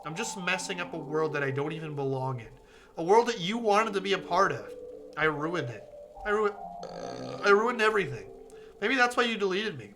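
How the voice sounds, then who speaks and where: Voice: mid-range voice, animated, normal speed, noisy background, lightly acted. A streamer reading aloud as a young woman game character, a club president who pleads, accuses and then turns remorseful.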